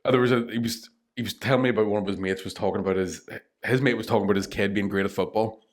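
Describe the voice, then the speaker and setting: A man's voice: on the low side, steady tone, very fast. A Northern Irish man in his thirties, a comedian telling family stories with lots of swearing and laughter in a casual podcast chat. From Northern Ireland. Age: 30s. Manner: swearing storyteller, mimics family in voices, laughs often. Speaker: comedian guest.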